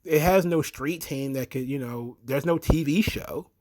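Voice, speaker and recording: A man's voice: on the high side, a little slow, dark tone. A man giving a blunt, opinionated, rambling commentary monologue as a show host.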